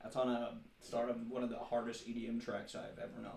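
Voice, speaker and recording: A man's voice: medium pitch, completely flat delivery, a little fast, creaky, a little mellow. A man co-hosting a podcast, cracking jokes and swearing in casual banter. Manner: wisecracking, profane. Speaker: podcast co-host. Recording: roomy room, faint noise.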